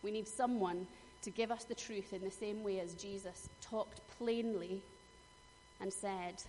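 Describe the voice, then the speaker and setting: A woman's voice: medium pitch, steady tone, unhurried, mellow. Earnest woman preaching in an echoing hall. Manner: earnest, personal storytelling with emphatic bursts. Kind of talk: sermon. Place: church hall. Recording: long hall reverb, faint noise.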